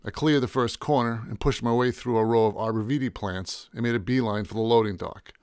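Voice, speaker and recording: A man narrating a first-person story in a wry, deadpan way. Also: medium pitch, a little fast, clean tone, dry recording, clean studio sound. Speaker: audiobook narrator.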